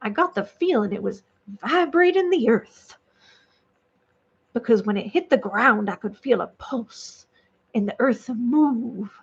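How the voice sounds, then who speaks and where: Woman vlogger, high voice, rambly casual read-aloud with asides, dull lo-fi audio. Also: expressive, a little slow, slightly rough. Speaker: vlogger reading online stories. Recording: dull lo-fi recording.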